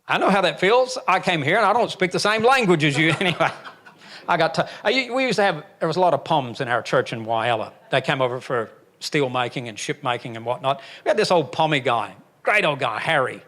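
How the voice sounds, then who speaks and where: An older pastor delivers a sermon, his voice sitting a little high for a man. He preaches emphatically and drops folksy, joking asides between his points. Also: big pitch swings, fairly quick, a bit bright. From Alabama, USA.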